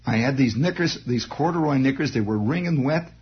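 A man's voice: mid-range voice, expressive, fairly quick. A man telling a comic childhood story in a rambling, digressive way with wry asides. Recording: dull lo-fi recording.

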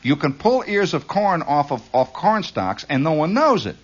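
A man telling a rambling, humorous story from his youth, with frequent asides and acted-out shouts. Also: fairly high pitch, moderate pace, breathy edge, dull audio. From Indiana. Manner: animated, rambling, shouts and laughs for effect.

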